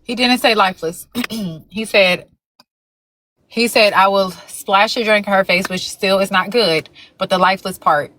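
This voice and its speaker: A woman's voice: mid-range voice, steady tone, normal speed, pushed and bright, a little hiss or hum. Frank woman hosting a livestream. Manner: frank, blunt, corrects the record. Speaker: livestream host. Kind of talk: casual livestream commentary.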